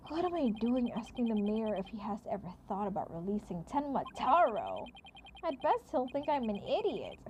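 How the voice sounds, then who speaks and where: A woman's voice: fairly high pitch, very animated, moderate pace, darkish tone, a little hiss or hum. A woman voicing an exasperated young male lawyer in a game, speaking in a dry, grumbling way.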